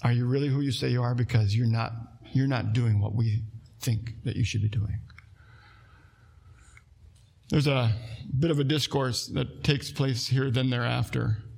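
A man's voice: medium pitch, vocal fry, a little mellow, breathy edge. A man preaching a sermon as a pastor in a church, reading scripture aloud and putting earnest, direct questions to his congregation.

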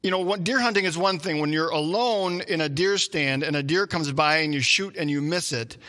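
A male preacher with a bright, forward voice pitched a little above the usual, telling a story in his sermon with lively energy. He acts out the shouts and his own inner thoughts as he goes. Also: moderate pace, big-room sound. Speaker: pastor.

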